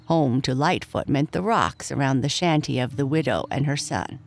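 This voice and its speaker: A woman narrating a children's storybook, gently addressing boys and girls. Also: very deep voice, lively intonation, moderate pace, few pauses, faint music behind.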